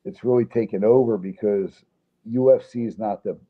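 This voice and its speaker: Blunt low-voiced man on a tinny phone line. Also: normal speed. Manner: blunt and opinionated. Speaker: guest, fight promoter. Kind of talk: casual interview chat.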